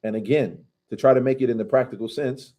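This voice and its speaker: A man's voice: medium pitch, fast, warm tone. A man teaching a conversational scripture commentary class, casually asking his students questions and reciting Arabic passages.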